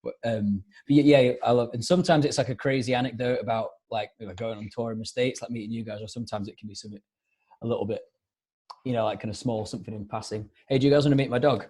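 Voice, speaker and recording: A man's voice: medium pitch, fairly even intonation, mellow, breathy edge. A man chatting casually as a guest musician, rambling with many fillers. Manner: rapid, rambling, lots of "like" fillers. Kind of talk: casual video-call chat.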